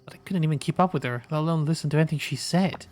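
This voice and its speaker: A man streams a game live, talking through it with sarcastic, casual swearing. His voice sits a little high, with faint music underneath. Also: very fast, a little mellow. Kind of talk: live gameplay commentary.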